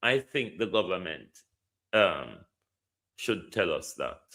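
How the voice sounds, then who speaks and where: A man's voice: low voice, sing-song, slow pace, bright, forceful tone. A Jamaican man hosting a commentary show, making impassioned appeals to the government and answering listeners. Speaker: host.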